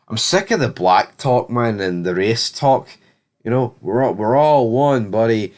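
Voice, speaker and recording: A man's voice: medium pitch, expressive, unhurried. A man recapping a TV episode in a casual, opinionated way, with blunt, sarcastic asides. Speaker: TV series reviewer.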